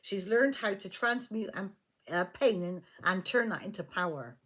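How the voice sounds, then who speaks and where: A woman's voice: medium pitch, normal speed, a bit bright. Blunt, emphatic woman reading tarot. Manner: blunt, emphatic, swears freely. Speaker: tarot reader.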